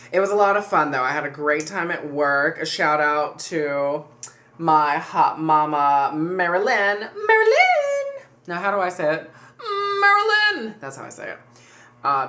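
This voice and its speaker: A man's voice: medium pitch, vocal fry, bright, forceful tone, slight background noise. A man chatting casually and candidly to camera as a vlogger, jokey and easily sidetracked. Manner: chatty, candid, jokey, drifts off mid-sentence.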